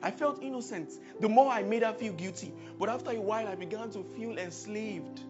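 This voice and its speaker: A male preacher with a Nigerian accent delivers a sermon, dropping to near-hushed tones and then rising into forceful, emphatic climaxes. His medium-pitched voice comes through a dull, muffled recording, with soft music faint underneath. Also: a little fast.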